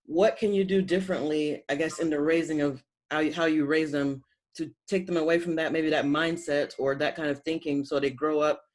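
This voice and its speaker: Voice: medium pitch, steady tone, fairly quick. A podcast host who asks long, rambling questions and affirms the guest in a casual interview.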